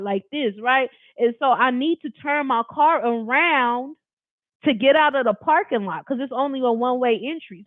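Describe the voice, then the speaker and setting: A person from Long Beach, California telling a personal story to camera in an animated, emphatic, slangy and profane way, talking straight to viewers. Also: mid-range voice, dry recording. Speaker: storyteller recounting a personal experience. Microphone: camera facing the speaker. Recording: dry, tinny phone-like sound.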